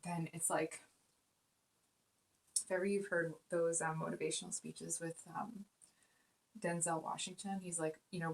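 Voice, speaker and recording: A woman's voice: on the low side, little pitch movement, a little slow, vocal fry, long pauses. A woman giving a casual spoken tarot reading, earnest and rambling, with many fillers and restarts. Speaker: tarot reader.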